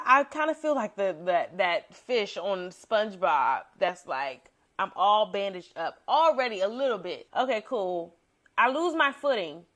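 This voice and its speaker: A woman's voice: medium pitch, a bit bright. A young woman podcast host telling a story in a casual, slangy way, acting out quotes with big jumps in her voice.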